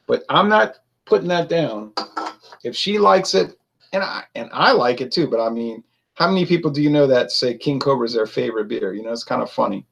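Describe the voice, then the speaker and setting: A man's voice: medium pitch, animated, a little fast, vocal fry, a bit bright. A man reviewing beer in a casual, chatty way, laughing often and reading out viewer comments to his live audience.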